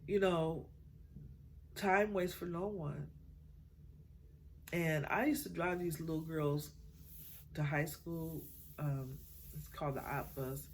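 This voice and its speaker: A woman's voice: sits low, fairly even intonation. Middle-aged mom talking from the heart, lots of ums, gets choked up, faint hiss behind her. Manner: emotional, halting, many fillers. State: tearful at times. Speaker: mother sharing her story. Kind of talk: heartfelt personal talk.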